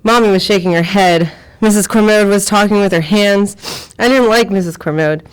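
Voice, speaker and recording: A woman's voice: mid-range voice, normal speed, clean tone, close to an everyday voice. A woman voicing a grown woman who recounts a church siege in a child's simple words and acts out the adults' voices. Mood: plain recounting. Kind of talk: audio drama acting.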